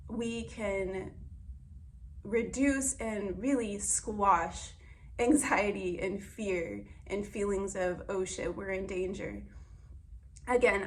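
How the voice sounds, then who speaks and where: A young woman talking casually and earnestly to camera as a wellness vlogger, guiding breathing and speaking with gentle heartfelt warmth. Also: mid-range voice, slight background noise. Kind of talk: casual guided breathing talk.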